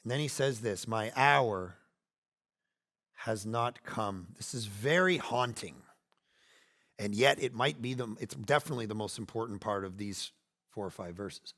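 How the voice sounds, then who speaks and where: A man in his forties preaching a sermon, animated, swinging between loud bursts and quiet asides. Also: fairly low pitch, normal speed. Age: 40s. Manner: acts out quoted lines in playful voices. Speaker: pastor.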